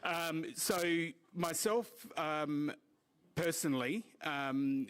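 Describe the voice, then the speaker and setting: A man's voice: on the high side, drawn-out words, fairly bright tone. Joking Australian man at a meeting. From Port Augusta, South Australia. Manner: joking, earnest, with many fillers. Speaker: community speaker. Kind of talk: informal public talk at a meeting. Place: community hall.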